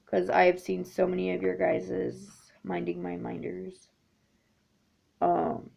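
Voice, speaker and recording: Slow, gravelly woman vlogger. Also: on the low side, monotone, a little mellow. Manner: chatty and rambling, with frequent ums. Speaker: needlework vlogger. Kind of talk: casual chat to camera. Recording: dull lo-fi home recording.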